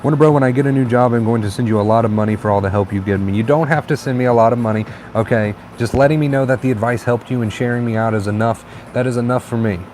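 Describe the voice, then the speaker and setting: A man hosting a casual live stream, chatting in a relaxed, encouraging way and reading viewer comments aloud. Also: medium pitch, racing, hardly any pauses, slight background noise. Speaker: livestream host.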